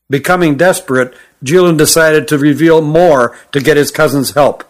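A man narrating a fantasy story in a steady, measured audiobook reading. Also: fairly high pitch.

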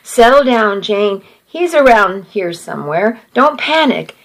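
A woman reading a calm man's lines in a story, steady and soothing, in a slow, even manner. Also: mid-range voice, rough recording. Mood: reassuring.

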